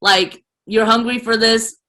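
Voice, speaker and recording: A young actress from the United States talking casually over a video call, animated and emphatic, rambling with lots of fillers. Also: female voice, on the high side, a little slow. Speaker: actress guest.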